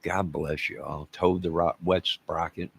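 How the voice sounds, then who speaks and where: Gravelly low-voiced older man. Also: fairly even intonation, unhurried. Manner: rambling, joking, talks to chat viewers by name. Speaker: livestream host reading chat. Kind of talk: casual livestream chat.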